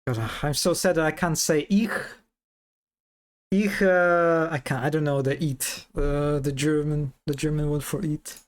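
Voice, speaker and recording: A man's voice: on the high side, fairly even intonation, unhurried. A man casually commenting while playing a game on a live stream, chatty with giggly asides.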